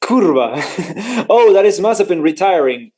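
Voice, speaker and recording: A man's voice: medium pitch, moderate pace, darkish tone. A man casually commenting on a live race for his stream, chatty and joking, laughing often and stumbling over his words.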